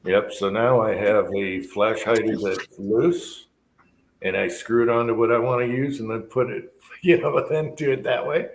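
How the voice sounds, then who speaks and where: A man's voice: fairly low pitch, fairly even intonation, moderate pace. A man hosting a live chat, talking casually and rambling with lots of yeahs. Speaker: livestream host. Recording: echoey room with faint background noise.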